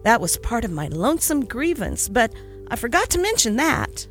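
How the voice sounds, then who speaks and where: A woman's voice: a little high, very animated, normal speed, faint music behind. A woman voicing a kindly, fussy older male country doctor in a storybook reading, grumbling with good humor. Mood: grumbling, jovial. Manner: grumbling good-humored, old-fashioned phrasing.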